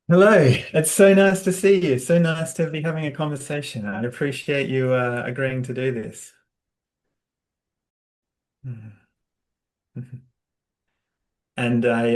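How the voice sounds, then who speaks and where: A man with an Australian accent interviewing a teacher in a casual conversation, speaking softly with hesitant fillers. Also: mid-range voice. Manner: soft-spoken, hesitant with fillers, laughs lightly.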